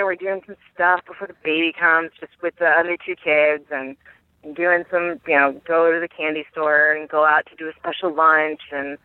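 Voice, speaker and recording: A woman's voice: deep voice, no room sound. A woman in her thirties calling in to tell a rambling, self-mocking parenting story, her voice coming through a phone. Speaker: caller sharing a parenting story. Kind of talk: recorded phone rant. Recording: tinny phone line.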